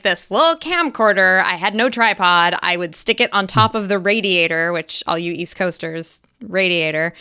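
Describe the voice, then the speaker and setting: A middle-aged woman, an actress, chatting as an interview guest and telling animated stories with lively quoted bursts. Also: medium pitch, smooth, no room sound, clean studio sound. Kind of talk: casual interview chat.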